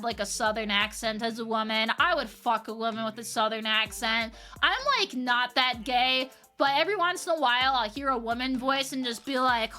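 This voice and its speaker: Bright, high-voiced woman streamer. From Upper Peninsula of Michigan, US. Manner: animated, swearing, reads chat aloud and answers it. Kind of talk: casual livestream chat with viewers.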